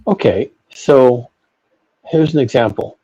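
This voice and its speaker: A man's voice: mid-range voice, slow, mellow, slightly rough, dull audio. A man hosting an online discussion, talking bluntly and emphatically, swearing often and hammering points home with repeated phrases. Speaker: discussion host. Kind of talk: heated casual discussion.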